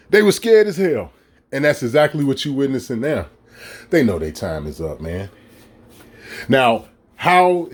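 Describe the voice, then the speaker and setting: A middle-aged man giving a heated, profane rant to camera, full of rhetorical questions and mockery. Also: a little high. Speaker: vlogger. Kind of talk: casual ranting commentary.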